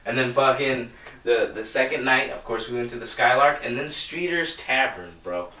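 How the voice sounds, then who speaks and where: Casual podcast guy, bright forceful voice, swears a lot, rambles, set back from the mic. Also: mid-range voice, moderate pace, roomy sound, distant mic. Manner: rambling, profane storytelling with lots of "dude". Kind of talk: casual chat.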